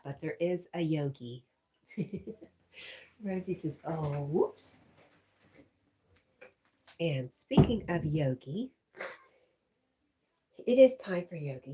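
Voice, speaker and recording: A woman's voice: fairly low pitch, dark tone. A woman hosting a casual livestream, reading out viewer comments and laughing often. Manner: giggly, reads out chat messages. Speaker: livestream host.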